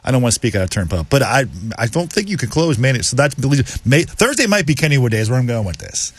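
A man's voice: medium pitch, very animated, slightly rough. A man who covers a football team as a reporter, speculating in a casual chat and often restarting his sentences. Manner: halting, speculative, many restarts. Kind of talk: casual sports talk.

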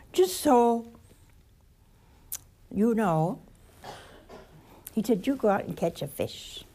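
A woman preaching a sermon, telling scripture stories with lively asides and chuckles. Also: medium pitch, vocal fry. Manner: animated storytelling with asides and laughter.

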